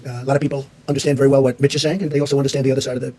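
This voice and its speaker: A man's voice: medium pitch, level tone, rapid-fire, a little mellow. A man, the president, answering reporters at a press briefing in a combative, repetitive way.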